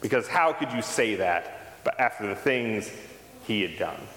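A man's voice: fairly low pitch, lively intonation, measured pace, a bit bright. A man preaching a sermon as pastor, telling a personal story in a conversational way and acting out the dialogue. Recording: roomy hall reverb, faint background noise.

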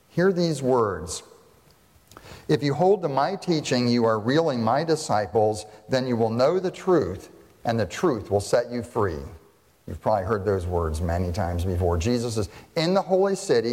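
Animated preaching man in a reverberant hall. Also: mid-range voice. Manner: animated, asks the congregation rhetorical questions. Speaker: pastor. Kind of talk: sermon.

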